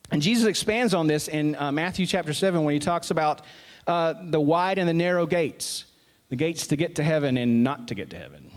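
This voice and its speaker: A man preaching a sermon in a conversational way, with asides and self-corrections, and more emphasis when he reads scripture aloud. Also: fairly high pitch.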